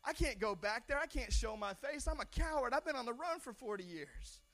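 A preacher playing a fretful old Moses. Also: male voice, very high-pitched, expressive, fairly quick, fairly bright tone, voice pushed up. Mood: panicked. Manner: pleading, agitated. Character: anxious older Moses, male, fretful.

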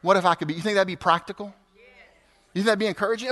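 Bright, animated pastor in his fifties. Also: high-pitched, racing. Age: 50s. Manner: animated, rises to emphatic peaks. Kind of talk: sermon. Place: church sanctuary.

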